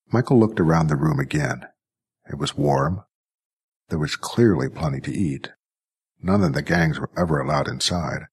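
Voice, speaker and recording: Guy narrating a sci-fi story, super low voice, kinda husky. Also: normal speed. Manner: steady, even storytelling. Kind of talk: scripted audiobook narration.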